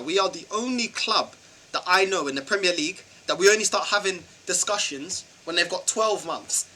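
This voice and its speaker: Guy on a footy rant vlog, high sharp husky voice, keeps asking what are you talking about. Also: slight background noise, rough recording. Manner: exasperated, fires off rhetorical questions, slangy. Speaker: football channel vlogger. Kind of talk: football fan rant vlog.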